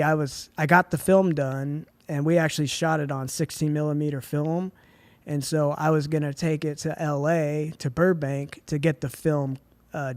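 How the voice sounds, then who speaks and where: A man's voice: on the high side, a little mellow, no echo. A man in his twenties, a podcast guest, telling a story casually with a lot of "like" and "dude". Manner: laid-back, heavy on "like" and "dude".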